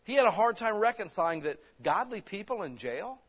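Male pastor, slightly high voice, animated conversational preaching style. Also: brisk, slightly rough. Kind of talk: sermon.

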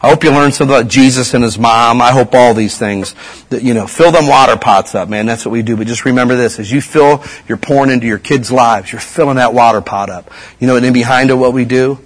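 Folksy husky-voiced man preaching. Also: medium pitch, quick pace. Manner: folksy, slangy preaching with repeated "you know" and "man". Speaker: pastor. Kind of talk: casual sermon.

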